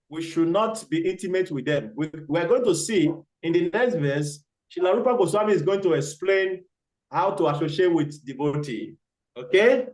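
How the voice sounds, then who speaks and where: A man teaching a scripture class, who quizzes his students and repeats key words for emphasis. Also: high-pitched. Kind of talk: class lecture. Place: temple hall. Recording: echoey hall.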